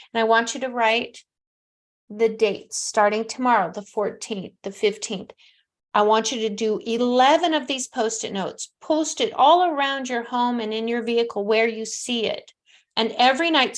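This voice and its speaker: Host, woman in her sixties, slightly high pitch, emphatic and heartfelt, dips into hushed soft passages. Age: 60s. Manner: emphatic, heartfelt, drops to soft near-whispers. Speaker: psychic medium host. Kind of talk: casual call-in advice talk.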